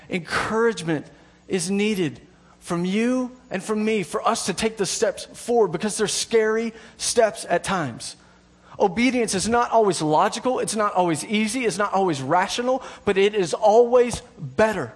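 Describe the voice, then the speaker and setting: A man's voice: high voice, normal speed, husky. A man preaching a sermon, conversational and self-deprecating at times, earnest with emphatic repetition.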